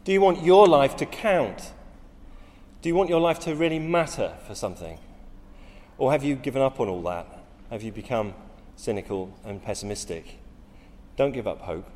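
Animated male preacher in a reverberant hall. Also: medium pitch, moderate pace, pauses often. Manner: dramatic, rising to loud emphatic quotes. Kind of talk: sermon.

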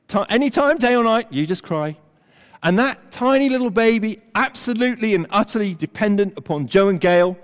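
An older man preaching a sermon, emphatic, at times dropping almost to a hush. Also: sits high. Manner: animated, emphatic preaching with dramatic drops to near-whisper. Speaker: pastor. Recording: long hall reverb.

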